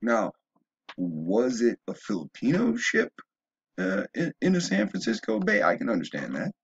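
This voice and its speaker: Man, rambling opinion monologue, husky voice, stumbling restarts, dull lo-fi sound. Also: fairly low pitch, huge pitch swings, normal speed. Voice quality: stumbling restarts, emphatic rising bursts. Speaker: video blogger.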